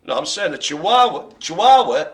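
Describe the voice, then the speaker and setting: A man hosting a bingo session, joking and chatting between calls with quick asides. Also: high voice, sing-song. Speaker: bingo host. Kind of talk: lively bingo calling with banter.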